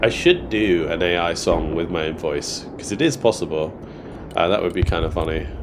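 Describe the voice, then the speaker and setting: A man livestreaming a game, chatting casually with viewers while badly congested from a cold, joking and swearing, with sudden bursts of excited shouting. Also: sits low, moderate pace, noisy background. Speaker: livestreaming gamer. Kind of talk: casual live gameplay chat. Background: music.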